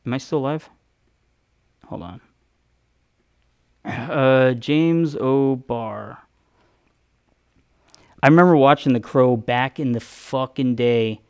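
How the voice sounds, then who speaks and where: A man's voice: mid-range voice, slow, long pauses, darkish tone, smooth, no echo, studio quality. A man who streams from home, telling casual, rambling stories with profanity and frequent self-interruptions.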